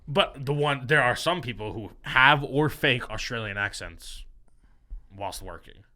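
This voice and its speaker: A man's voice: medium pitch, animated, a little slow, pushed and bright. A man co-hosting a podcast in casual chat, rambling and stammering as he defends his point. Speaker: podcast co-host.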